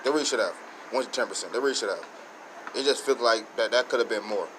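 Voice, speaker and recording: A man with a fairly low voice talks through a show episode in a loose, excitable way, restarting sentences as his thoughts run ahead. A steady hum of air conditioning and background noise sits under his voice. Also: fast, poor audio. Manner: rambling, excited, many restarts. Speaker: show host reviewing episodes. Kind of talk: casual solo review.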